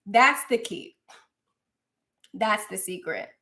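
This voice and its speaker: A woman's voice: medium pitch, expressive, slow, sharp tone. A young woman hosting a casual livestream, chatting effusively with viewers and calling them girl. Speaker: livestream host and spiritual coach. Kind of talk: casual livestream chat reading comments.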